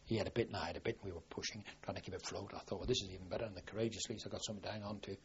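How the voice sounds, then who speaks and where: A man's voice: on the low side, very fast, dull audio, slight background noise. An older man, a navy veteran, telling his wartime memories in a rambling oral history interview, full of restarts and quoted dialogue. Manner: rambling with frequent restarts, lively when quoting himself. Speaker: war veteran recalling service.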